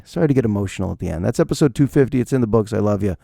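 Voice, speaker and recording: A man's voice: fairly low pitch, expressive, racing, creaky, dark tone. A middle-aged man hosting his own podcast in a casual, rambling monologue, playfully pretending to get emotional. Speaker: podcast host.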